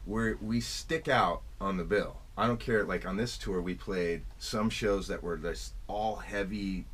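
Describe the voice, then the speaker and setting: A man's voice: sits low, fairly even intonation, a little slow, fairly bright tone, slightly rough. A man guest on a radio talk show, talking bluntly and profanely in casual chat. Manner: blunt and profane, joking about anger. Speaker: musician guest.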